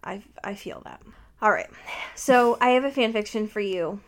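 A woman's voice: medium pitch, moderate pace. A woman podcast host who chats casually, jokes and laughs often, and reads fan fiction aloud. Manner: joking, laughs often, many fillers. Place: Seattle.

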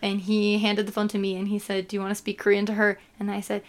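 A woman's voice: medium pitch, monotone, quick pace. A young woman co-hosting a podcast, chatting casually, telling stories and laughing often. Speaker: podcast co-host. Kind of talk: casual chat.

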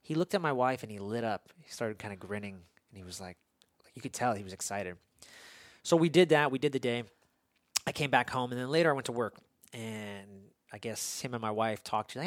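A man's voice: medium pitch, moderate pace, no room sound. A man in his thirties hosting an interview, earnest and rambling, with many restarts as he reflects on parenting. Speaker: podcast host and father. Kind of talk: conversational interview.

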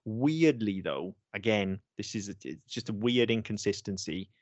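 A man, co-hosting a casual podcast about films, talks in an animated way, swears and laughs often. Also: fairly low pitch, moderate pace, no room sound. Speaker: podcast co-host. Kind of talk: casual film review chat.

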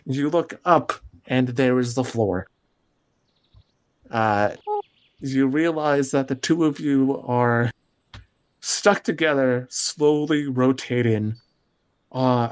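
A man narrating a tabletop game as game master, describing scenes with drawn-out pauses. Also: mid-range voice.

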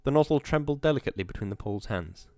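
A man narrating a story as an audiobook, in a steady, measured way. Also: mid-range voice, no room sound.

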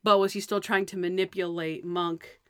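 A woman's voice: lowish voice, steady tone, moderate pace, a bit bright, clean tone, dry recording. A woman co-hosting a casual podcast, chatting about a TV episode and acting out characters' lines with animation. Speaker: podcast co-host. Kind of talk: casual chat reviewing a TV episode.

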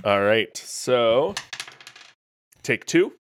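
Halting male game master. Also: medium pitch, sing-song, slight background noise. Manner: halting, casual, self-correcting. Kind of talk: narrating a tabletop game.

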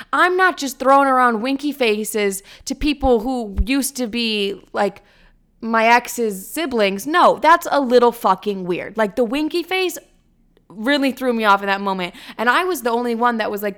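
Blunt, profane young woman podcaster. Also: fairly high pitch. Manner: blunt, profane, animated storytelling. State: recovering from illness. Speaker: podcast host. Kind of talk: casual solo podcast monologue.

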